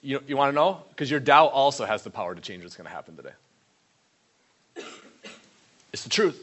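A man's voice: medium pitch, sing-song, normal speed, long pauses, a bit bright. A man preaching a conversational sermon, stressing points with repeated questions and short reading passages. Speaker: pastor.

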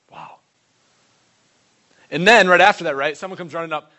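A man's voice: on the high side, fairly quick, bright, forceful tone. A man preaching a conversational sermon, stressing points with repeated questions and short reading passages. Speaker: pastor.

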